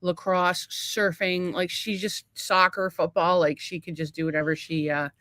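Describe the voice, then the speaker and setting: A woman's voice: lowish voice, little pitch movement, moderate pace, a bit bright, dry recording. A woman co-hosting a casual podcast at home, laughing often, swearing, and saying she is tired. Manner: laughing, profane, lots of "like". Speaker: podcast co-host. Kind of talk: casual chat. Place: home, with friends present.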